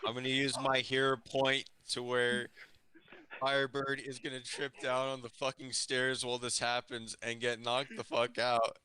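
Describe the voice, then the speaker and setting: Man player, crude and rambling, bright smooth voice. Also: mid-range voice, monotone, moderate pace. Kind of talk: tabletop game chat.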